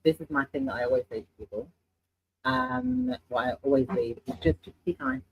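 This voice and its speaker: A man's voice: mid-range voice, big pitch swings, brisk, gravelly, muffled recording, soft background music. A British man, a guest sales manager, chatting casually and jokingly on a live stream. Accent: British English. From England. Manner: chatty and jokey, self-deprecating. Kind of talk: casual chat. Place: live in-person stream at a trade show.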